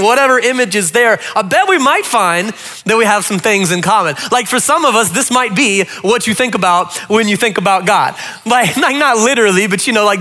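Bright high-voiced animated male preacher. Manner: animated storytelling with quick voiced asides. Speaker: pastor. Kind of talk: humorous sermon.

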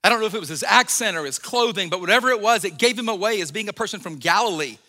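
A man's voice: high voice, lively intonation, rapid-fire, bright, forceful tone, in a large hall. A man preaching a sermon as a pastor, retelling a story in a conversational way, acting out the quotes and often restarting his sentences.

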